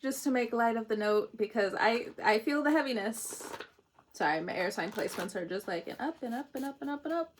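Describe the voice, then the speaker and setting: A woman's voice: a little high, expressive, brisk, a little hiss or hum. Woman tarot reader, casual and chatty, laughs a lot, slips into emotional asides. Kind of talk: casual spiritual reading.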